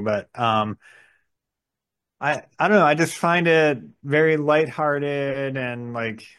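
A man co-hosts a casual podcast, mid-pitched and even. His talk is loose and rambling, full of "like" and "um". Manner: rambling, lots of fillers. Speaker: podcast co-host.

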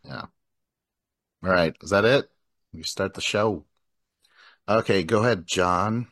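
A man hosts a casual podcast with a low voice and dry, close sound. He is laid-back and laughs often, with casual swearing. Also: slow pace, a bit bright, no echo. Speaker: podcast host.

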